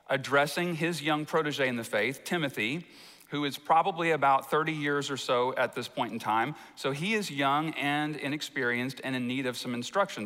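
Folksy preacher in a reverberant hall. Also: male voice, medium pitch. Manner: folksy storytelling, animated when telling anecdotes. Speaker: pastor. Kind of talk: sermon.

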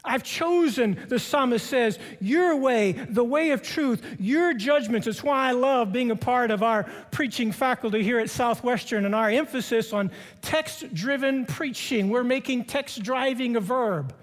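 A middle-aged man preaching a sermon, slowly repeating key phrases for emphasis. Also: extremely high pitch. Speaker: preaching professor. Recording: long reverb of a large hall.

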